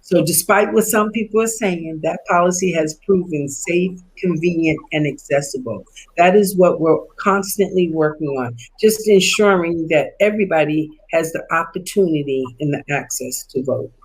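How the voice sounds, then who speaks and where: A woman speaking on a panel, explaining voting policy in an earnest, steady way with occasional fillers. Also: sits low, moderate pace, a little hiss or hum, rough recording. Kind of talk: panel discussion remarks.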